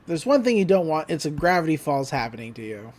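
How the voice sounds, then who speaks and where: A woman's voice: low-pitched, big pitch swings, darkish tone. Chatty podcast lady retelling a cartoon ep, voice bouncing all over. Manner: chatty, retells scenes with quick voices and laughs. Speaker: podcast co-host. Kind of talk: casual podcast recap.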